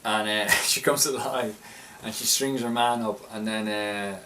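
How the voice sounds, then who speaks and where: A man's voice: on the low side, fairly even intonation, a little slow, bright, forceful tone. A young man casually recapping a film he liked, rambling and often restarting his sentences with enthusiasm. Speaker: film reviewer. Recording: slightly distant mic, faint background noise.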